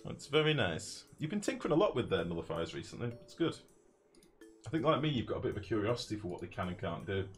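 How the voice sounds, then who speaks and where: Man, game streamer, low voice, lively swings, profane banter, music behind. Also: fast talker. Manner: chatty, profane, teasing, self-mocking. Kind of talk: casual live-stream commentary.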